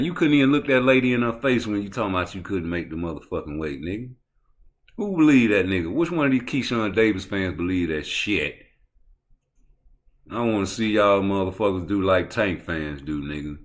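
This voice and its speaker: Profane animated man ranting about boxing. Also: mid-range voice. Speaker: boxing commentary vlogger. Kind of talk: casual ranting commentary.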